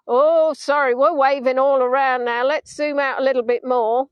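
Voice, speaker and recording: A woman leads a live virtual tour of a sunset beach, filming with a gimbal-steadied phone and talking in a bright, high, clear and resonant voice with a steady tone. She rambles cheerfully at a moderate pace with few pauses, teasing herself in playful asides; the sound is dry and close with no room echo, yet the recording is muffled.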